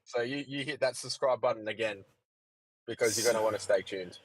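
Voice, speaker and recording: A man's voice: mid-range voice, a little fast, slight background noise, low-quality recording. Brash teasing man. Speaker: stream co-host. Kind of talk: casual live-stream banter.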